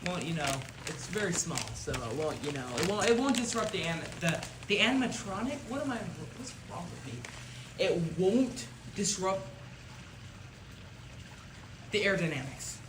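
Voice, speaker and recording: A young man with a slightly high voice talks his way through a home rocket build, circling back with "you know" as he works. A faint hum sits under his voice. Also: lively intonation, normal speed. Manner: rambling, full of "you know" fillers and restarts. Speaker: livestream hobby rocket builder. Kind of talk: casual livestream narration while working.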